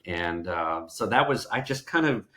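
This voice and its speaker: A man's voice: low-pitched, unhurried. A middle-aged man from Georgia, telling folksy stories as a podcast guest and often restarting his phrases. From Georgia, USA. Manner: folksy, animated storyteller who acts out quotes and restarts phrases. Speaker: podcast guest, sales trainer. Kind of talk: casual storytelling interview.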